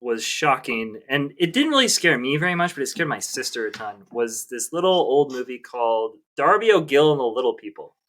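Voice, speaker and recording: A man in his thirties telling his story at an easy, middling pitch, rambling and full of ums and likes. He circles back on himself as he talks in a casual podcast chat. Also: sing-song, a little fast, few pauses, a bit bright. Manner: rambling, hesitant, many fillers. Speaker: podcast co-host.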